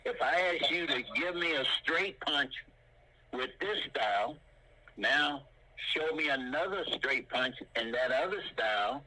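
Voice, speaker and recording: An older man teaching martial arts in an animated way, punctuating his points with sound effects like boom and bam. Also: measured pace, rough recording.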